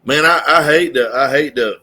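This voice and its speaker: A man's voice: a little high, moderate pace, sharp tone. A man in casual podcast chat, laid-back and hesitant, with dry humor.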